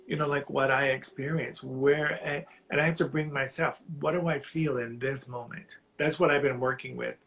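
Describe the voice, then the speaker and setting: A man calling in to a live reading, sharing something painful in a halting, heartfelt way while close to tears. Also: medium pitch, fairly even intonation, vocal fry, a bit bright, slight background noise, low-quality recording. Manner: halting, heartfelt, slow, often restarting phrases. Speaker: caller on a live psychic reading. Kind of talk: emotional personal sharing.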